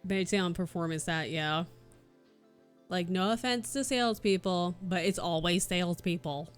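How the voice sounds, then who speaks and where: A woman's voice: lowish voice, normal speed, clean tone. A woman streamer chatting casually and swearing freely while she does cross stitch and reads her chat. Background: soft background music.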